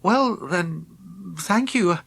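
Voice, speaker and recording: A man voicing a polite, eager young boy in a storybook reading, bright and a little timid. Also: sits high, animated, drawn-out words, vocal fry, breathy edge, voice pushed up, exaggerated voice.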